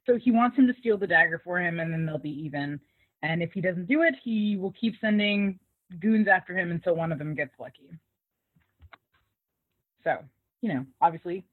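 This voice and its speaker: A woman co-hosting a casual recap chat, talkative and laughing often, acting out quoted lines. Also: lowish voice. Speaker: podcast co-host recapping a TV episode. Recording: tinny phone-like sound.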